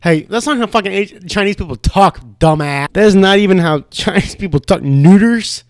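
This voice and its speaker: A man's voice: high-pitched, brisk, no echo. A young man hosting a podcast alone, rambling in a heated, profane, casual way. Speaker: podcast host. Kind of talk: casual solo podcast rant.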